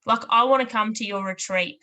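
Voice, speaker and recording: A woman's voice: fairly high pitch, fairly quick, bright, forceful tone. A woman hosting a podcast interview, effusive and openly moved by her guest. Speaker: podcast host. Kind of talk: interview chat.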